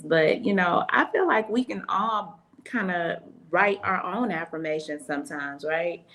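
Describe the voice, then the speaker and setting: Woman radio co-host, lowish voice, chatty and loose. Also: fairly bright tone. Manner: chatty, loose, many fillers. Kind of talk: casual radio chat.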